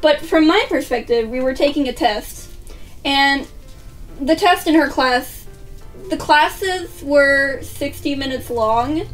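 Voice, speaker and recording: A high-pitched woman rattles through a casual storytime vlog, swearing freely and acting out what people said. She sits a little back from the mic, and faint music plays underneath. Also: takes it slowly, distant mic. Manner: chatty, swears casually, acts out quotes. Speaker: vlogger.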